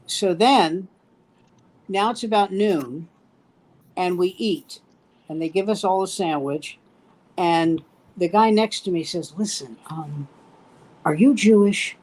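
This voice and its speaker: A man's voice: high-pitched, slow pace, long pauses, darkish tone, rough recording. A man in his seventies, a stand-up comic, telling stories in casual chat and acting out the voices of people he quotes. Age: 70s.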